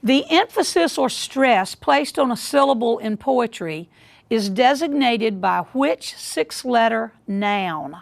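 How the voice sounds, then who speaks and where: A woman hosting a school quiz show, reading questions in a measured way and repeating them deliberately. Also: fairly high pitch, animated, creaky.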